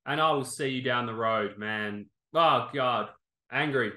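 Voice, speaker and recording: A man's voice: mid-range voice, a little slow, sharp tone, echoey room, slight background noise. Furious ranting male sports reviewer. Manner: angry, exasperated, swearing; repeatedly tags lines with "okay?" and "man".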